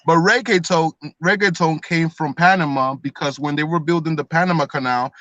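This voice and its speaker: A man's voice: on the high side, steady tone, a little fast, fairly bright tone, no room sound, highs cut off. A man from Colombia, co-hosting a casual sports talk show, explaining history in a chatty, rambling way. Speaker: podcast co-host.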